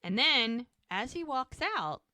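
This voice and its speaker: A woman's voice: slow pace, no echo, clean studio sound. A middle-aged woman co-hosting a podcast, recapping a show in casual chat and acting out the characters' lines. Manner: animated retelling, acting out lines with swooping pitch. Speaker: podcast co-host.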